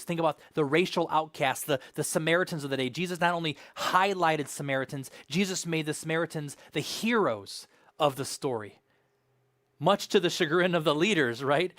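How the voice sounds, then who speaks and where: A man's voice: a little high, no room sound. A man preaching a sermon as pastor, emphatic, with rhetorical questions and repeated phrases.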